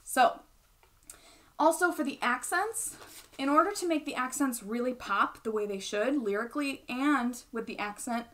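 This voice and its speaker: Patient woman teaching, slightly high voice. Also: normal speed, a bit bright. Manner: patient, explanatory, checks in with "right?". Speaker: bassoon teacher. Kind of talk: instructional explanation.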